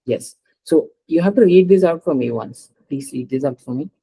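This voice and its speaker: A man's voice: on the high side, animated, normal speed, gravelly, warm tone, husky, poor audio. A man teaching French in a one-on-one lesson, patiently explaining rules step by step and asking his student to read aloud.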